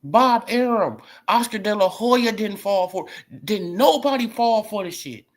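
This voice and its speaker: Animated man ranting in slang. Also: unhurried. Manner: animated, swings from shouting to low mumbling, slangy. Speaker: boxing commentary channel host. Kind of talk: casual ranting commentary.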